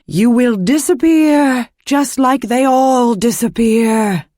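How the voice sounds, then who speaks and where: A woman's voice: fairly high pitch, slow pace, mellow, no room sound, clean studio sound, pitched above the performer's own voice. A woman voicing a menacing, witch-like villainess who chants curses in a sing-song way, in an audiobook.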